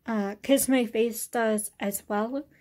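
A woman vlogger casually reviewing beauty products, relaxed and hesitant, with many fillers. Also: a little high, takes it slowly.

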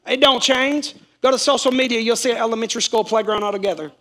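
A male pastor with a very high, fairly bright voice preaches quickly and emphatically. He repeats key phrases and calls on the congregation to respond.

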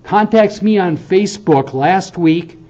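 A man's voice: high-pitched, measured pace, darkish tone, highs cut off. A middle-aged man, a university professor, giving a heartfelt farewell lecture in a conversational, earnest way, often checking in with "okay?". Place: lecture hall.

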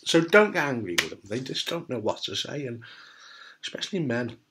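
Brief: man, cancer survivor, blunt, frank, jokey, swears, mid-pitched voice, casual to-camera talk. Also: big pitch swings, brisk, pushed and bright. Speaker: testicular cancer survivor giving advice.

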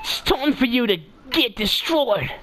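A man's voice: very high-pitched, expressive, a little slow, bright, forceful tone, slight background noise, exaggerated voice. A young man voicing a boastful male alien elite squad leader, pompous and theatrical, in a game lobby.

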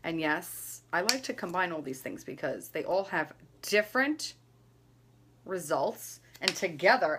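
A woman's voice: sits low, expressive, a little slow, background noise. A woman in her thirties chatting casually through her skincare and makeup routine, rambling and laughing at herself. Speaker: beauty vlogger.

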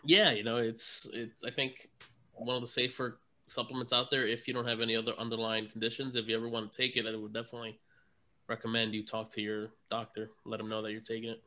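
A man's voice: mid-range voice, level tone, fast, bright, forceful tone. A man co-hosting a podcast, joking and bantering in casual chat. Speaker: podcast co-host.

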